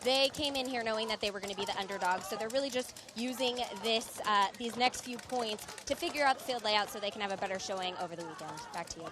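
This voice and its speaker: A woman giving a brisk, informative sideline report during a paintball match. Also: on the high side, background noise.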